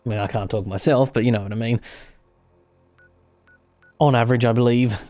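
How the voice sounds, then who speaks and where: A man's voice: mid-range voice, fairly even intonation, a little fast, warm tone, no echo. Rambling man streaming a game. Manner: rambling, chatty, self-interrupting. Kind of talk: casual live gameplay chat.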